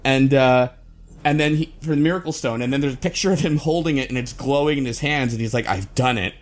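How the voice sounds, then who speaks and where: A man's voice: mid-range voice, quick pace. Rambling man recapping from notes. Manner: rambling, with many fillers and restarts and frequent chuckles. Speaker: podcast co-host.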